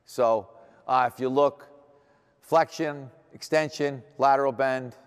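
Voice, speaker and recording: A man's voice: mid-range voice, steady tone, slow, clean tone. A man in his sixties giving a seminar lecture as a strength coach, blunt and emphatic, asking rhetorical questions. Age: 60s. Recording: echoey hall reverb.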